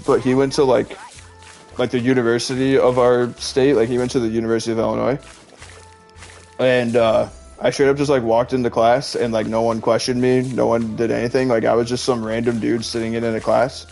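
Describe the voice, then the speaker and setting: A young man in his twenties chats casually on a stream, rambling from one story to the next and filling every gap with "like." His mid-pitched voice has a gravelly edge. Faint music plays under him. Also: flat delivery, fairly quick, a little mellow. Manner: rambling, heavy use of "like", chatty storytelling. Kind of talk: casual chat.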